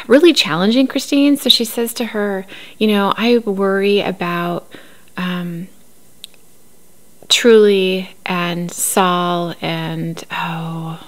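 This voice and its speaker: Chatty woman with a gravelly low voice. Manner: chatty, opinionated, laughs often. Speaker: recap host. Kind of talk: casual recap commentary.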